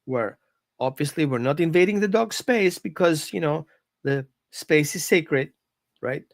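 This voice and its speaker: Dog trainer doing a casual live lesson from home, chatty and animated, middle pitch. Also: measured pace, vocal fry, no echo, studio quality. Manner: animated, conversational, coaching tone. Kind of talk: informal live-stream lesson.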